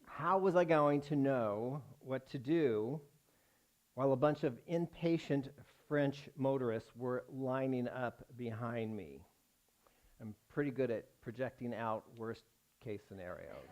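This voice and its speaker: Slow, wry male rabbi telling a story. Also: mid-range voice, animated. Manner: wry, self-mocking storytelling with pauses for laughs. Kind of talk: sermon told as a personal story. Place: synagogue sanctuary with a congregation.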